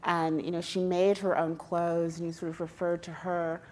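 Female interviewer, lower voice, measured and polite, slight hesitations. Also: level tone, darkish tone, slight background noise. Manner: measured, polite, reads introduction with small hesitations. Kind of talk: stage interview.

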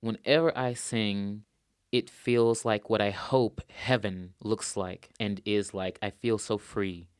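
A man's voice: lowish voice, steady tone, takes it slowly, clean tone, dry recording, studio quality. A man, an opera singer, answering interview questions in an earnest, thoughtful way and repeating words for emphasis.

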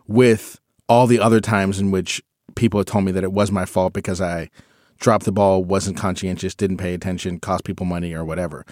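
Man, podcast co-host, casual rambling chat, lowish voice, dry sound. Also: steady tone, a little fast, a little mellow, dry recording. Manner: rambling, self-correcting.

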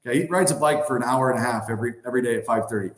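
A man's voice: mid-range voice, rapid-fire, echoey room. A man in his thirties, a podcast guest and former hockey player, telling a long story in a rambling, filler-heavy way. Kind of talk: casual anecdote telling.

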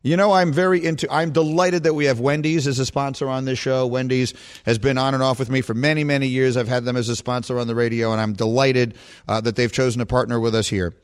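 A middle-aged man hosting a sports talk radio show, animated and chatty as he banters with his co-hosts. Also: mid-range voice, quick pace, clear, resonant tone.

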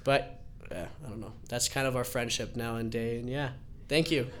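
A man's voice: medium pitch, moderate pace, very noisy. A young man telling a rambling, laughing personal story at a live storytelling event. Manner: rambling, laughing, animated retelling.

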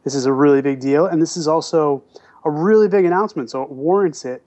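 A man's voice: fairly high pitch, fast talker, a little mellow. A man guest-hosting a podcast segment, friendly and loose as he brings in guests. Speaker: editor guest co-host. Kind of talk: casual chat. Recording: dull lo-fi sound.

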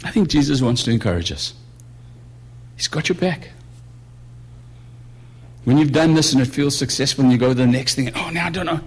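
A man preaching a sermon in a conversational way, moving between quiet musing and raised emphasis. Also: medium pitch, expressive, normal speed, pauses often, slightly rough. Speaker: pastor.

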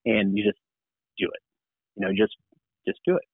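A male TV meteorologist chats as a guest and tells animated stories, acting out the lines people said to him. His voice sits fairly low and sounds dry and tinny, as if over a phone line. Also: normal speed, gravelly, husky, no room sound. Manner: animated storyteller, acts out quoted dialogue. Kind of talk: casual podcast conversation.

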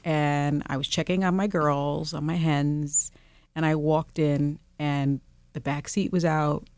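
A woman chats as an interview guest, spinning an animated story with frequent laughter. Her voice sits a little low, and the sound is close and dry with no room echo. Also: slow. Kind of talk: casual interview chat.

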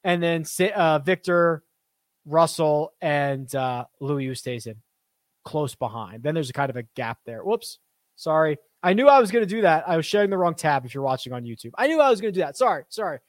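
A young man hosting a casual live stream, reading viewer questions and chatting with quick asides. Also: fairly high pitch, animated, dry recording. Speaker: host of a fantasy golf stream.

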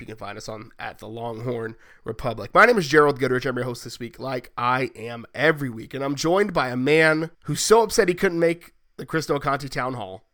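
A man's voice: mid-range voice, fairly bright tone. A man hosting a sports podcast, chatty and joking, who asks long rambling questions. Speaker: podcast host. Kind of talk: casual sports podcast chat.

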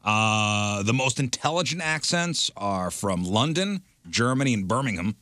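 A man's voice: on the low side, big pitch swings, a little slow, bright, forceful tone, dry recording. A man hosting a morning radio show, reading out poll results between jokes and laughing with his co-hosts. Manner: reads poll results aloud, laughs often.

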